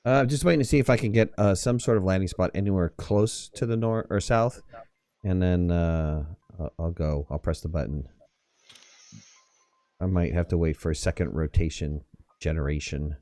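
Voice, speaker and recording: A man's voice: low voice, normal speed, mellow, no room sound. A young man hosting a casual multiplayer game stream, joking and laughing often with his teammates. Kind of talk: casual gaming chat.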